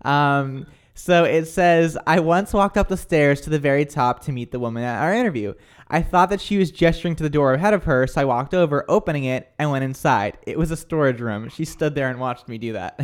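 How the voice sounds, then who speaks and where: A man's voice: fairly high pitch, brisk, clean tone. A man hosting a casual radio-style chat, reading listener texts aloud and laughing often. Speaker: host.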